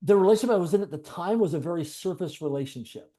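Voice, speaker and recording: Crowd noise surrounds this interview guest, whose high voice is animated and quick. He tells a personal story with earnest sincerity, stacking up repetitive phrases as he talks.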